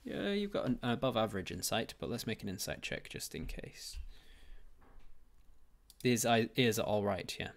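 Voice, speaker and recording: A man's voice: on the low side, big pitch swings, moderate pace, pauses often. A man narrating a tabletop game as game master, rambling with frequent fillers and restarts.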